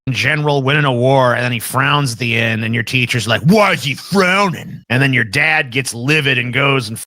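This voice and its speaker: A man's voice: mid-range voice, steady tone, a little fast, sharp tone, no echo, studio quality. A man in mocking podcast banter, sarcastic, dismissive and profane.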